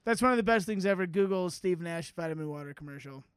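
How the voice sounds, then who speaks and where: A man's voice: high voice, lively intonation, quick pace, clear, resonant tone, no echo. A man co-hosting a comedy podcast, bantering with crude, teasing jokes.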